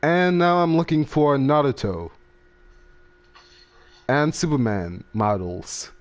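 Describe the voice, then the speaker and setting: A man's voice: a little high, slow pace. A young man hosting a casual gaming podcast, rambling and trailing off while he browses game menus. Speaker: gaming channel host.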